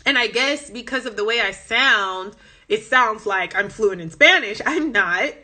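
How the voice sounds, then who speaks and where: A woman from New York with a New York accent chats casually on a phone livestream. She tells animated stories full of fillers and asides. Her voice sits a little high and sounds very bright. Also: measured pace. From New York, USA. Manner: chatty and informal, with many fillers and asides. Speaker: language-learning content creator. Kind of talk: casual livestream chat and storytelling.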